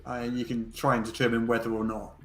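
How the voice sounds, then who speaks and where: A man narrating as game master of a tabletop role-playing game in an easygoing, relaxed way. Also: medium pitch, fast talker.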